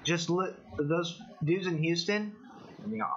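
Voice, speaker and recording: A man's voice: on the high side, unhurried, fairly bright tone, a little hiss or hum. A young man with a Californian American accent, hosting a casual livestream of political commentary, rambling with opinions and answering chat. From United States. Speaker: livestream host. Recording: dull lo-fi stream audio.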